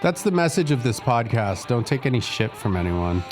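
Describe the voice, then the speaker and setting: A male podcast co-host who tells outrageous, crude stories with a flat, deadpan delivery. His voice has an average pitch for a man. Light guitar music sits faintly underneath. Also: moderate pace. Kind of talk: crude comedic banter.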